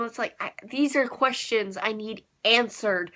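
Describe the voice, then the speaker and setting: Young female vlogger, bright and fairly high voice, gushing, giggly delivery for a casual review. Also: animated, normal speed, hardly any pauses. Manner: gushing, giggly, with frequent laughs and fillers. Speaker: anime reviewer.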